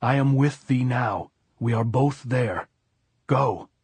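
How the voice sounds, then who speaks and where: A man reading the part of a calm, resolute wounded American man who speaks firmly and gently. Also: fairly low pitch, measured pace, husky, no echo. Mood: shouting. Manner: calm and firm, gently commanding.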